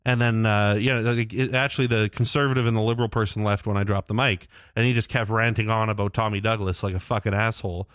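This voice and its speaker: A man's voice: fairly low pitch, fairly even intonation, quick pace, few pauses, a bit bright, clear, resonant tone, dry recording, studio quality. A young man telling long rambling stories on a podcast, swearing often and filling his talk with "like" and "uh". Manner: rambling, profane, many fillers. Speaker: podcast co-host. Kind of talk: casual storytelling chat.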